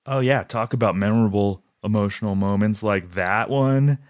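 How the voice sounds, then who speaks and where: A man's voice: on the low side, moderate pace, no echo, studio quality. A man hosting a podcast in casual chat, friendly, agreeing often and asking questions. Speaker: podcast host.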